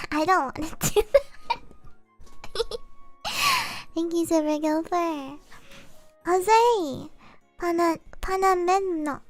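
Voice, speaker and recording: A woman streamer chatting softly on a live stream, giggling often as she reads viewer messages aloud. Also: very high-pitched, slow, long pauses, faint music behind. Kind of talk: soft-spoken live stream chat.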